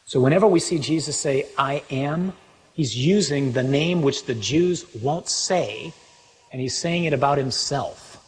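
A man preaching a sermon, reading scripture aloud with animated, rising emphasis. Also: medium pitch, measured pace. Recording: long hall reverb.

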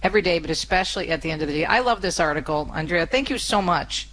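A woman's voice: on the low side, lively intonation, fast, fairly bright tone, a little hiss or hum, rough recording. A woman hosting a radio talk show, conversational and affirming toward her guest.

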